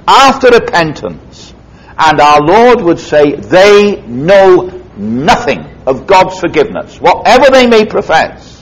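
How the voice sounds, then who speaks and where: A man preaching a sermon, retelling a parable emphatically and dramatically. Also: poor audio. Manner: emphatic, dramatic retelling with sweeping pitch swings. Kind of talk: expository sermon.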